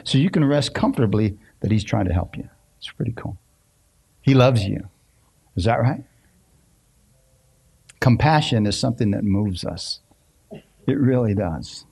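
Man preaching in a chatty, halting way. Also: medium pitch, lively intonation, vocal fry, a little mellow, slightly rough. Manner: conversational, asks the congregation questions, many restarts. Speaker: pastor. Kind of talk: sermon with personal stories.

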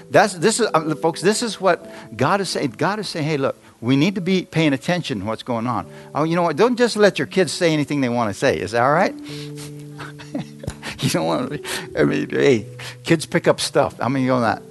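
A middle-aged man preaching a sermon in a church, talking conversationally and asking the congregation frequent questions. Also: mid-range voice. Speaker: pastor.

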